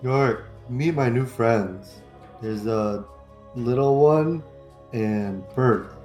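A man's voice: mid-range voice, slow pace, darkish tone, echoey room, soft background music, close to an everyday voice. A man voicing a simple, trusting, cheerful character in a tabletop game, speaking in plain happy sentences.

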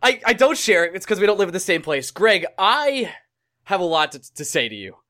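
A man's voice: sits high, very animated, normal speed. A young man from New hosting a podcast, ranting angrily and swearing in casual chat. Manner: angry, yelling, swearing rant. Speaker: podcast host.

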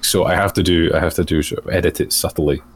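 A man talking as a voice actor guest in a casual interview, thoughtful and halting, often restarting his sentences. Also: low-pitched, fairly even intonation. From outside the United States.

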